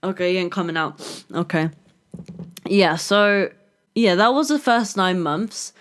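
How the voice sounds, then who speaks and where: Brief: young woman hosting a podcast, candid storyteller who swears freely and says "like" a lot, smooth clear voice. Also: on the low side, a little slow. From London, England. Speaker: podcast host. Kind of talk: casual personal storytelling.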